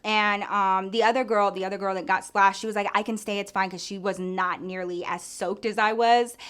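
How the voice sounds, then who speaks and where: A woman's voice: medium pitch, steady tone, fairly quick, fairly bright tone. A young adult woman telling a story from her own life in a casual storytime, chatty and profane, leaning hard on "like". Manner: chatty and profane, heavy use of "like". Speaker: storyteller vlogger.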